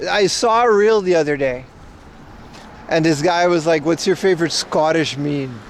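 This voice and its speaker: Man, casual walking-stream chat, fairly high pitch, outdoors, faint traffic behind. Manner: chatty, joking, talks to chat. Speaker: livestreamer. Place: outdoors on a street.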